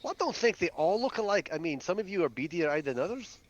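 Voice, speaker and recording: Male tabletop player, high and animated, muffled lo-fi audio. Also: fast talker. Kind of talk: tabletop game play and banter. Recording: dull lo-fi mic.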